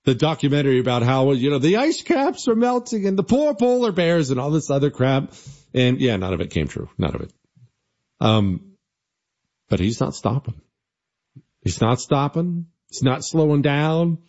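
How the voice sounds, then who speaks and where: Male talk radio host, mocking and sarcastic, lively swinging delivery, slightly dull lo-fi sound. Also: medium pitch, normal speed. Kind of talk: opinionated talk radio monologue.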